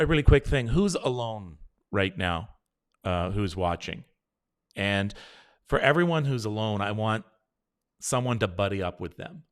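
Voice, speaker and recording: Hosting a live show, a middle-aged man with a fairly low-pitched voice reads out viewer comments and leads them through a slow breathing exercise. He sounds reassuring and encouraging throughout.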